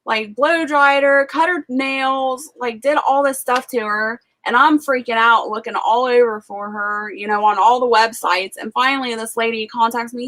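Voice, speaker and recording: Woman, livestream host, slightly high voice, casual chat, rambling storyteller, lots of fillers. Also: moderate pace, fairly bright tone. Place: rural farm home.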